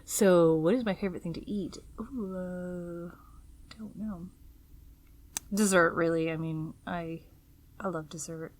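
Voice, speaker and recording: A woman's voice: lowish voice, steady tone, unhurried, long pauses, darkish tone, a little hiss or hum. A woman artist from the United States talking in a casual interview, musing and hesitant, trailing off as she thinks. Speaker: guest artist.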